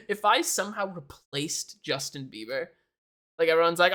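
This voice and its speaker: A man's voice: a little high, animated, moderate pace, pushed and bright. Giggly young man streaming. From Canada. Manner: giggly, laughs often, rambling. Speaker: livestreamer. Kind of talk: casual live-stream chat.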